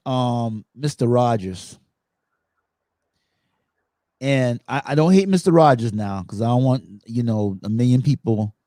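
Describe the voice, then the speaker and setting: A man hosting a podcast, telling stories in a lively way and acting out the quotes. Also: mid-range voice, dry recording, clean studio sound. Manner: animated storytelling, acts out quotes. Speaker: podcast host. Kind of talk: casual chat.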